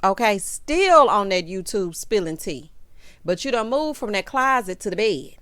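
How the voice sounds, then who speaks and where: Young woman, reality-TV recap host: sassy, gossipy, big pitch swings, dry close mic. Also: normal speed, dry recording. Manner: sassy, gossipy, expressive, laughs often. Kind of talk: casual recap commentary.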